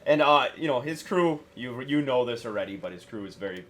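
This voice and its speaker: A man runs a tabletop game, describing scenes in loose, halting sentences full of fillers. His voice is mid-pitched but lively, with faint noise behind him. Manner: halting, casual narration with fillers. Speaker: game master.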